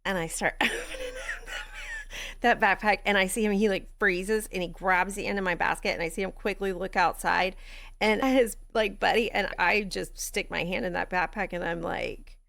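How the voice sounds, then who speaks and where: A woman with a Texan accent, a grief coach and podcast host telling a story in a blunt, profane, animated way. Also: mid-range voice, measured pace, creaky. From Texas. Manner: animated, blunt and profane, laughs between lines. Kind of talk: candid storytelling monologue.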